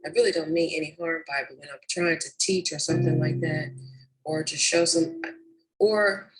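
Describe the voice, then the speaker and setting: Lowish-voiced woman telling a nurse story, blunt, no sugarcoating, faint music behind. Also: fairly even intonation, moderate pace, low-quality recording. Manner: blunt, matter-of-fact, calls people honey and girl. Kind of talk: casual storytelling to camera.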